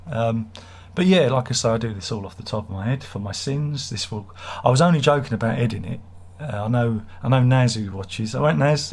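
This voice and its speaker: A husky, slightly rough-voiced man rambles through a live stream. He reads viewer comments aloud and cracks self-deprecating jokes at an easy mid pitch. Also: a little mellow. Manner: rambling, jokey, self-mocking. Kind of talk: casual live chat reading viewer comments.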